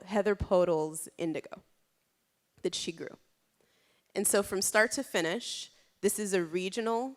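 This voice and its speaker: A woman with a slightly low voice speaks at a conference in a loose, storytelling way. She sprinkles in "like" and "you know" and lifts her voice when she acts out what others said. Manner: lively, dramatizes quotes with raised voice. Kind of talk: conversational keynote talk.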